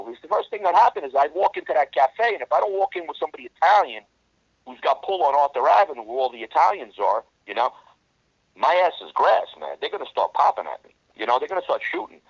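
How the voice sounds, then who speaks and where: A middle-aged man, telling rough street stories in a casual interview, blunt and heavy on the swearing. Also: a little high, sing-song, fast, no echo. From New York. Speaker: interview guest. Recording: dull lo-fi dry recording.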